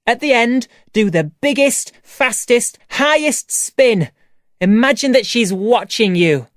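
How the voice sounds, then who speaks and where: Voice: medium pitch, animated, slow, no room sound, studio quality, pitched above the performer's own voice. A reader voicing a strict but caring female ballet teacher in a graded-reader audiobook, with an insistent, raised delivery. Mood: encouraging. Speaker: dance teacher.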